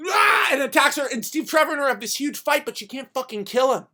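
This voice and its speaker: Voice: high voice, quick pace, sharp tone. Profane rambling podcast host. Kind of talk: comedic rambling story pitch.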